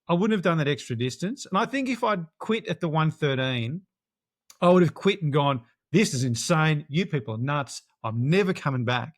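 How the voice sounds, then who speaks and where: A middle-aged man, a guest in an interview, telling his race story in a lively way and acting out quoted dialogue. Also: mid-range voice, no room sound, clean studio sound. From Australia. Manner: animated, acts out quoted dialogue. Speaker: interview guest, adventure racer.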